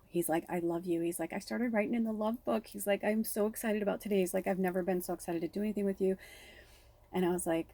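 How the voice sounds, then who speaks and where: A woman in her thirties, a spiritual reader, telling a personal story with shaky, tearful excitement and lots of "like.". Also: on the low side. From Pacific Northwest.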